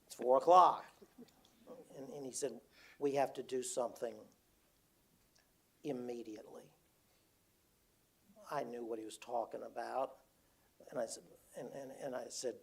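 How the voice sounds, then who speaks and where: Older man, gravelly, mid-pitch, halting storyteller at a lecture. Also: fairly even intonation, a bit bright. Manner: halting, repeats words, quotes others. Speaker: speaker. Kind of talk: storytelling talk.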